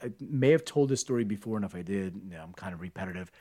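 A man's voice: low-pitched, animated, fast talker, mellow. A middle-aged man telling candid, rambling stories from his school days in a casual chat, swearing freely.

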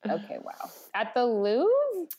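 A woman co-hosting a podcast, chatting casually with quick reactions and teasing questions. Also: fairly high pitch, wildly swooping pitch, mellow. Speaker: podcast co-host. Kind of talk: casual comedic chat.

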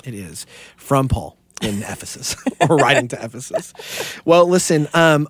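A man's voice: mid-range voice, animated, moderate pace, breathy edge, no echo. A man co-hosting a theology podcast, speaking passionately and at length in casual discussion. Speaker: podcast co-host.

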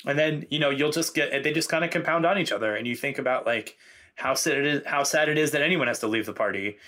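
A man's voice: on the high side, quick pace, bright, forceful tone. A man being interviewed as a guest writer, talking in a loose, reflective way with many fillers. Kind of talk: casual conversational interview.

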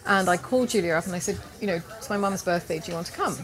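A woman cooking teacher telling a lively personal story as an interview guest at an outdoor market event. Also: fairly low pitch, racing. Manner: animated anecdote-telling with laughs and quoted voices. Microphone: handheld interview mic, live recording.

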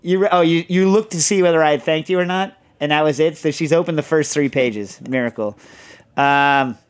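A man's voice: on the high side, fairly quick, clean tone. Rambling, digressive male podcast host. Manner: rambling, digressive, heavy on fillers. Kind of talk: casual chat.

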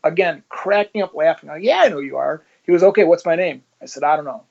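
A man's voice: fairly high pitch, fast talker, vocal fry, lo-fi sound. A man, a former police officer, being interviewed and telling his story in a conversational way, acting out the dialogue. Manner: animated, acts out dialogue in his stories.

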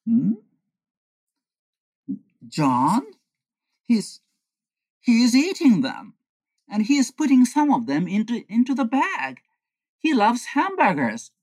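A woman's voice: on the high side, a little mellow, no room sound. A woman telling a comic story in a playful way.

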